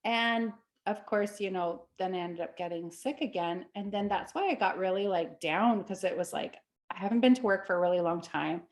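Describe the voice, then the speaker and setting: A woman co-hosting a casual chat, telling a story with lively acted-out quotes and frequent laughs. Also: mid-range voice, moderate pace. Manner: animated storytelling, acts out quoted voices; laughs often. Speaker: podcast co-host.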